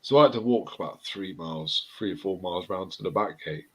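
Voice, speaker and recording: A man's voice: low voice, a little fast, slightly rough, rough recording. A man telling rowdy anecdotes in a casual chat, swearing freely.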